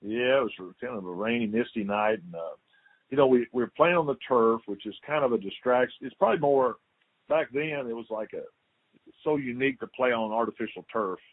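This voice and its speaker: Speaking fairly quickly with a breathy edge, a former football player, now older, recounts stories in a laid-back interview. His medium-pitched voice comes through a dry, tinny phone line. He repeats words and animatedly acts out quotes.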